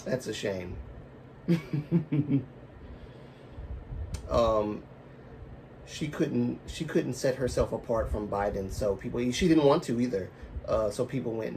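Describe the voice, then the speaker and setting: A man hosts a casual livestream, rambling and correcting himself, laughing at his own jokes and fighting a lingering cough. His voice is medium-pitched and warm, slow with frequent pauses, and he sits far from the mic with a little hiss or hum. He comes from the American South and Baltimore.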